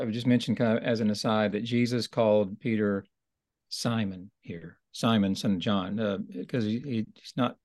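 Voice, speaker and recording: A man's voice: on the low side, darkish tone, no room sound. A man teaching in a conversational Bible study discussion, thoughtful and explanatory, often restarting his sentences.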